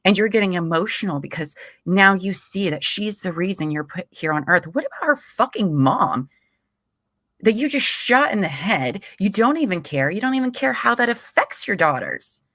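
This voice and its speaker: A woman's voice: mid-range voice, expressive, moderate pace, a bit bright, no room sound, clean studio sound. A woman hosting a livestream about a trial, angry and swearing as she comments. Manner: angry, profane, repeats courtroom audio aloud.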